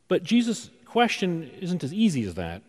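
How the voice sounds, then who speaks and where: A man's voice: high-pitched, huge pitch swings, a little mellow, husky. Man preaching in an echoing church. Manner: conversational, rhetorical questions with dramatic pauses. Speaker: pastor. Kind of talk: sermon. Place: church sanctuary. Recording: long reverb of a large hall.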